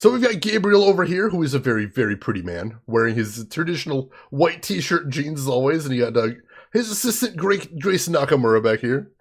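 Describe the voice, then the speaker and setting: A man's voice: on the high side, sing-song, brisk. A man hosting a casual game commentary, joking around like a playful showman with mock-grand announcements. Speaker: let's play host.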